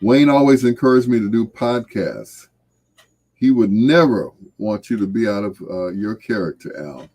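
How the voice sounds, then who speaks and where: A man hosting a late-night radio show, talking in a slow, reflective, heartfelt way and trailing off softly. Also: fairly low pitch. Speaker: radio host.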